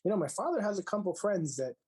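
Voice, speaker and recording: Animated man telling stories on a podcast. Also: high-pitched, fast, slightly rough, rough recording. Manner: animated, frequent "right?" asides, mixes in Spanish phrases. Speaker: podcast guest, lodge master. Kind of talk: casual storytelling interview.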